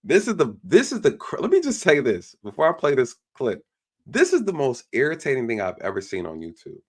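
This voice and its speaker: A man's voice: mid-range voice, wildly swooping pitch, fairly quick. A man doing casual online commentary, ranting in an exasperated, irritated way to his viewers. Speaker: YouTube commentator.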